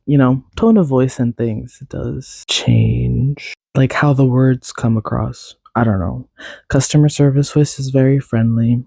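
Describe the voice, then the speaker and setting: Raspy, congested young woman host. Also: very deep voice, dark tone, dry recording. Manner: rambling, filler-heavy, self-deprecating. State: congested, recovering from a cold. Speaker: podcast host. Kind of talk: casual solo chat.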